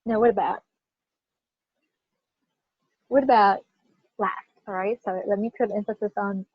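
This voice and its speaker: Breathy woman teaching pronunciation. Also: mid-range voice, measured pace, long pauses, no echo. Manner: animated, stresses single words in example sentences; checks in often with "right?". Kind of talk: classroom teaching. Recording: dull lo-fi sound.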